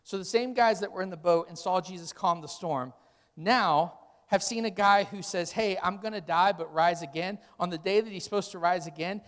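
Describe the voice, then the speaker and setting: A high-pitched man preaching from a church stage, an animated storyteller who acts out each quote. His voice rings through a long, reverberant hall. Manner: animated storytelling, acting out quotes with rising intensity. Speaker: pastor. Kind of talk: sermon. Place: church auditorium.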